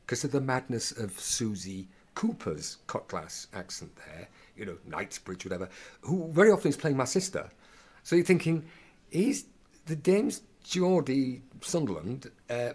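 A man, an actor guest, telling animated anecdotes in an interview, stumbling and restarting often. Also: medium pitch, breathy edge. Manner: animated, halting with many restarts, acts out voices in quotes.

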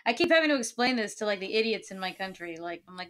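An American woman chatting casually as a podcast guest, animated and full of "like" and quick laughs. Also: sits high. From United States.

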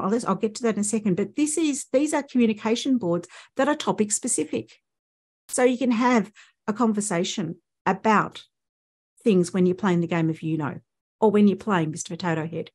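Here the voice is husky and medium in pitch. It belongs to an Australian-accented woman, a speech pathologist presenting at a conference who works through her points by asking the audience rhetorical questions.

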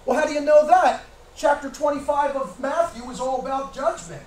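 High-voiced preacher in an echoey church. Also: male voice, steady tone, moderate pace, recorded from a distance. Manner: emphatic, rhetorical questions, occasional shouting. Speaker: pastor. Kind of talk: sermon. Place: church sanctuary.

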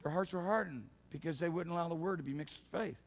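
A male pastor preaching in a church, his voice sitting high for a man. He talks in a folksy style and throws out rhetorical questions. He moves from quiet, low asides to loud, forceful shouting. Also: fast talker, creaky. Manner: swings from low murmurs to loud, shouted emphasis. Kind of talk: sermon. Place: church sanctuary.

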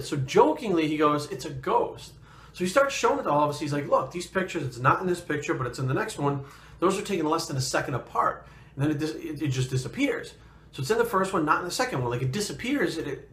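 A man's voice: a little high, fairly bright tone. Guy from new england swearing nonstop while he tells a story, kinda echoey room. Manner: profane and rambling, swears constantly. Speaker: fitness vlogger. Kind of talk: casual storytelling.

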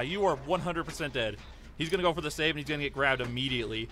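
A young man giving excitable live commentary over his gameplay, pleading with teammates and cheering at wins. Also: on the high side, fast talker. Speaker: gaming YouTuber.

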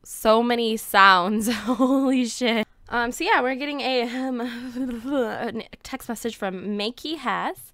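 A woman's voice: medium pitch, normal speed, a bit bright, no room sound. A woman giving casual, joking gameplay commentary, sarcastic and giggly, with the odd swear. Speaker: let's play host.

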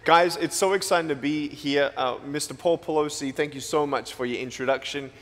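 A man's voice: fairly high pitch, brisk. A man from Australia giving a playful, joking motivational talk to students in a large school hall. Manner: playful, joking, lively storyteller. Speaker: motivational speaker.

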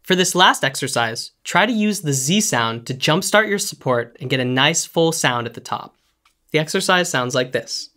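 A vocal coach giving calm, clear, step-by-step instructions in a scripted singing lesson. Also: medium pitch, moderate pace, soft background music.

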